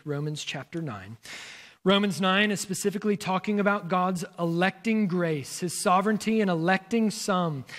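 A man preaching a sermon as pastor, explaining scripture and asking rhetorical questions as he tells listeners where to turn in their Bibles. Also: sits high. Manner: expository, poses rhetorical questions.

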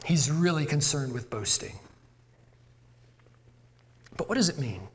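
A man's voice: fairly high pitch, animated, unhurried. A male pastor preaching a sermon in a church, conversational and self-deprecating. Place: church sanctuary. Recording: long church hall reverb.

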